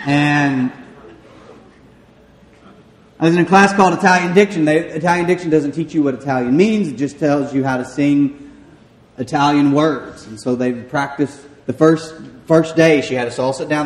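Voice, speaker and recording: In a church sanctuary, a young man from the Southern United States with a Southern American accent preaches a sermon built around personal stories, delivering them with lively, self-mocking animation and acting out voices. His voice is mid-range, and the hall is echoey with long reverb.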